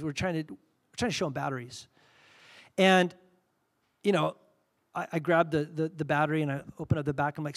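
A man in his forties preaching a sermon, conversational and personal, swinging between soft intimate passages and loud fervent peaks. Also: a little high. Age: 40s. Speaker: pastor.

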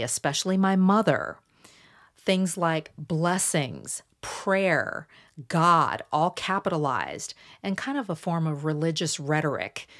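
A woman hosting a solo podcast, calmly walking listeners through a numbered list of points. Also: low voice. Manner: measured, explanatory, walks through numbered points. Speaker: podcast host.

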